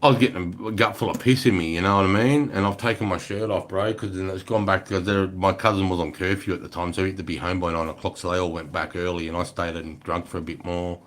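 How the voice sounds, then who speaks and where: Very low, gravelly-sounding Australian bloke, swearing nonstop while spinning a rambling yarn for a live stream chat. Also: male voice, steady tone, fast talker, few pauses, fairly bright tone. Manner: profane, rambling, swears constantly. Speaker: livestreamer. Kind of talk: casual storytelling to a live chat.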